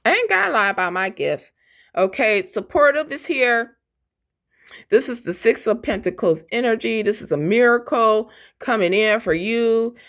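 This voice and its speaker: A woman's voice: fairly high pitch, lively intonation, moderate pace, a bit bright. A woman giving a fiery, profane tarot reading, blunt and defiant. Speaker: tarot reader.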